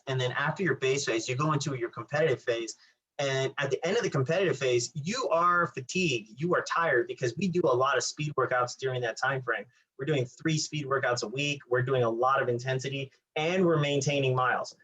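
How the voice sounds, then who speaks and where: A man's voice: mid-range voice, a bit bright, slightly rough, poor audio. A man co-hosting a running podcast, casually explaining training with many fillers. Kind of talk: casual chat.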